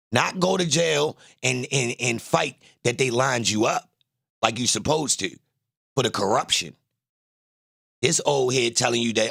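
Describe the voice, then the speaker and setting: A man's voice: mid-range voice, gravelly, fairly bright tone, dry recording, studio quality. A man giving a heated, profane reaction to a clip, blunt and emphatic, often repeating his phrases.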